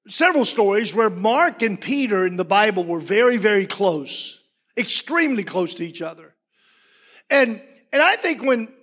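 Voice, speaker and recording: A man preaching a sermon as pastor, impassioned, his voice swinging from loud to hushed. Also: high-pitched.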